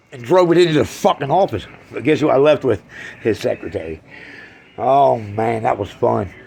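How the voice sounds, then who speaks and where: A man doing a crude, brash stand-up routine on a club stage, swinging from loud jabs to low mutters. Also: gravelly, a little hiss or hum. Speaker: stand-up comedian.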